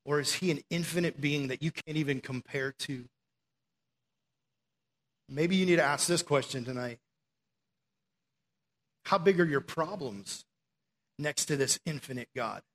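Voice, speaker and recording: A young male preacher delivers a sermon with a high voice and a lively, conversational punch. He talks to the room casually, then leans hard into key phrases for emphasis. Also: a little slow, long pauses.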